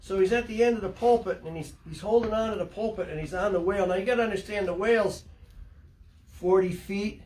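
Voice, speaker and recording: Animated older New fishing captain. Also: male voice, high-pitched, quick pace, a little hiss or hum. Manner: animated storyteller, acts out quotes, laughs mid-story. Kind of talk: casual storytelling.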